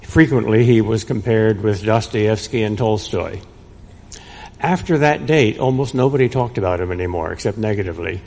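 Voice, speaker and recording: An older man giving a prepared lecture in a measured way, with a dry, wry humor. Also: on the low side, gravelly, darkish tone. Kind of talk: prepared lecture read aloud. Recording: long reverb in a large room.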